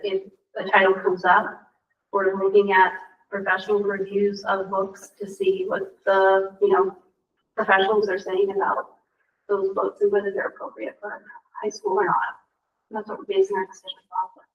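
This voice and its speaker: A woman's voice: mid-range voice, level tone, moderate pace. Earnest librarian woman in a roomy hall. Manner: earnest, thinking aloud, with restarts and filler. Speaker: school librarian. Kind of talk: answering questions at a committee meeting. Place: school meeting room. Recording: roomy, dull, from a distant mic.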